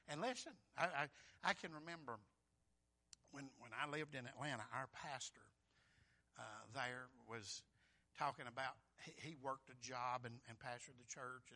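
A man preaching a sermon, swinging from loud pleading to hushed whispers, repeating words in a folksy way. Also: mid-range voice, moderate pace.

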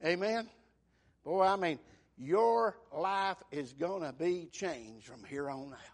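A man preaching a sermon, acting out the voices he quotes and swinging from loud to hushed. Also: on the high side, slow.

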